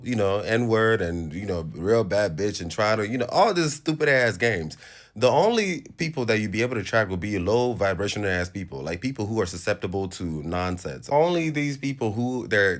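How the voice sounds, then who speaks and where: A Nigerian man with a very low voice talks straight to his viewers. He speaks in an animated, sermon-like way, breaking into laughing asides. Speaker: host. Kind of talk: casual monologue to camera.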